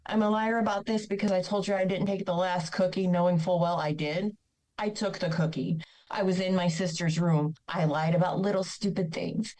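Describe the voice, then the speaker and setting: A woman's voice: mid-range voice, a little mellow, low-quality recording. A woman speaking as a podcast guest, telling her own painful life story in a blunt, candid, emotional way. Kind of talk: personal storytelling.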